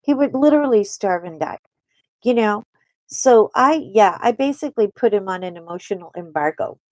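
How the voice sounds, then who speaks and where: A woman's voice: medium pitch, expressive, normal speed, darkish tone, dry recording, rough recording. A middle-aged woman hosting a casual coloring stream, rambling and chatting with frequent laughter. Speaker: host. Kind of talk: casual chat while coloring live.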